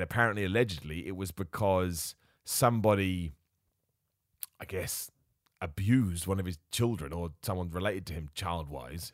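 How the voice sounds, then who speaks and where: A man's voice: low voice, no room sound, clean studio sound. A man hosting a solo podcast, talking in a casual, rambling, opinionated way and going off on asides. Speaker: podcast host. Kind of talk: casual solo wrestling chat.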